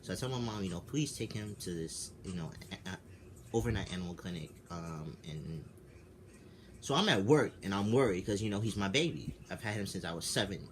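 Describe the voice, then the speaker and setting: A man's voice: sits low, lively intonation, brisk. A man in his twenties telling a personal story in a casual vlog, candid and rambling, swearing freely, just woken up. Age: 20s. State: just woke up. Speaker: vlogger. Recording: noisy background ambience.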